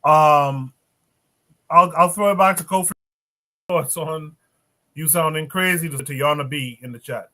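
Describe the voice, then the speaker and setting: A man hosting a livestream panel, reading viewer comments aloud in a steady way with hesitant fillers. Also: fairly high pitch, a little slow, long pauses. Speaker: livestream podcast host.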